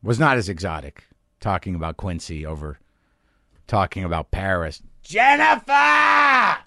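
A man's voice: sits low, normal speed, fairly bright tone, no echo, studio quality. A man hosting a podcast, telling a long personal story in a wry, rambling, self-mocking way, then chatting with his guest. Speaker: podcast host. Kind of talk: conversational storytelling monologue.

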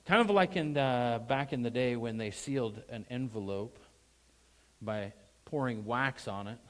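Male pastor preaching a sermon, chatty tone, sudden loud emphatic rises, questions to the congregation. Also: mid-range voice, a little slow, low-quality recording. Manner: conversational, asks the congregation questions.

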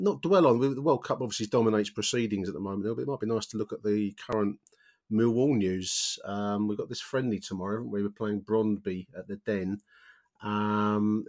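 A man's voice: fairly low pitch, darkish tone. A man from England co-hosting a football podcast, chatting casually and talking straight to his listeners. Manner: chatty, addresses listeners directly. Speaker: podcast co-host.

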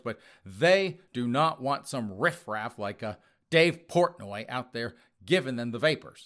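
A man's voice: mid-range voice, pushed and bright. A man hosting an opinionated news commentary show, talking in a sarcastic, mocking way and laughing scornfully.

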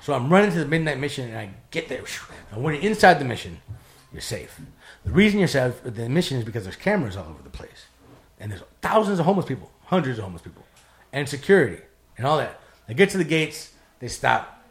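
A man tells a rough story in a loose, casual way. He is animated and profane, and he jumps into other people's voices as he goes. His voice sits at a middle pitch. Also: quick pace. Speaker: guest telling his life story.

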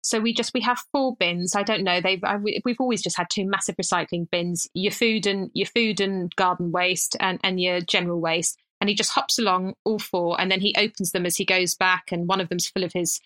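A woman in her thirties co-hosting a podcast, chatting casually and telling animated stories with quick restarts. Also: lowish voice. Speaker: podcast co-host. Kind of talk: casual chat.

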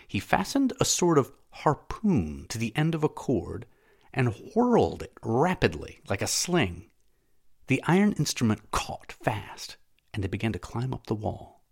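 A man narrating a classic novel as an audiobook, in a measured, steady reading. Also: lowish voice.

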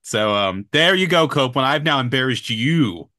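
A man's voice: mid-range voice, animated, moderate pace, pushed and bright, dry recording, clean studio sound. Male podcast co-host, wry and casual, mid-range voice. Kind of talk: casual chat.

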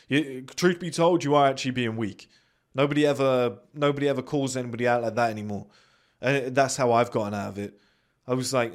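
A man's voice: mid-range voice, brisk. A young man hosting a podcast, giving a blunt, sweary motivational monologue. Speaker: podcast host.

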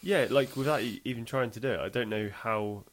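In a brisk, mid-range voice, a podcast co-host keeps the chat casual, lively and playful, laughing a lot along the way.

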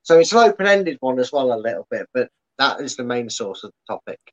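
A man's voice: medium pitch, big pitch swings, quick pace. Chatty man, dull lo-fi sound. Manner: chatty, many restarts and fillers. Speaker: podcast host. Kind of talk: casual chat.

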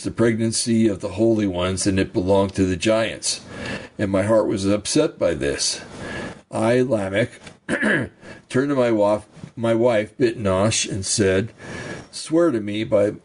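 A man teaching from ancient texts, reading passages slowly and breaking off for casual comments and throat-clearing. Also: lowish voice, a little mellow, a little hiss or hum. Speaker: bible teacher. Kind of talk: reading scripture and commentary, informal asides.

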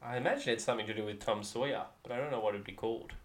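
A man's voice: medium pitch, racing. A man co-hosting a podcast, joking and self-deprecating as he guesses quiz answers aloud. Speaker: podcast co-host. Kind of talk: casual chat.

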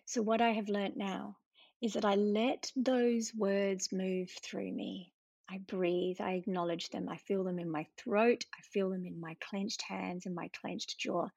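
Husky-voiced woman hosting a reflective podcast. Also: mid-range voice, fairly even intonation, no echo, lo-fi sound. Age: middle-aged. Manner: gentle, slow and reflective. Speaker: podcast host. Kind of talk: reflective solo podcast monologue.

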